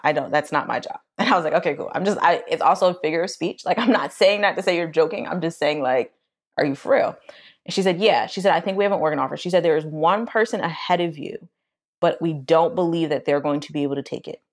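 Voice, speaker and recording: A young adult woman co-hosting a podcast, telling a personal story in casual chat and acting out quoted voices. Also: a little fast. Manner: animated, acts out quotes in a high voice. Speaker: podcast co-host.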